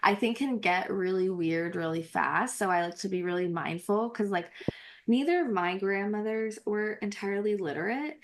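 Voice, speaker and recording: A woman's voice: medium pitch, normal speed, a little hiss or hum. A woman from Houston, Texas, hosting a podcast and talking candidly in casual conversation, laughing and swearing now and then. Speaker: podcast host.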